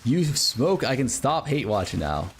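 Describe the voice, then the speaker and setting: There's slight background noise as an American man streams a game and chats with viewers, rambling through fillers, swearing, and laughter. His medium-pitched voice is very animated but measured in pace.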